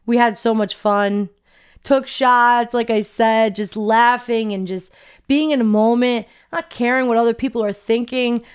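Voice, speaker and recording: A woman's voice: on the high side, fairly even intonation, measured pace, smooth. A young woman vlogger telling a personal story in a candid, chatty way, often saying "like".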